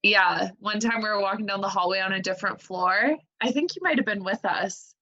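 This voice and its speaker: In casual podcast chat, a young woman co-host keeps dropping "like" and "you know" into her talk. Her medium-pitched voice is brisk and sharp, and the recording sounds lo-fi.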